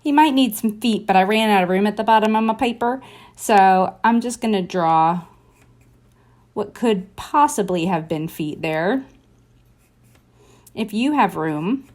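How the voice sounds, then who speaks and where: A woman's voice: medium pitch, expressive, a little slow, pauses often, a little mellow. A woman leading a casual drawing tutorial, chatting and encouraging as she sketches and thinks aloud. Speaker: drawing teacher.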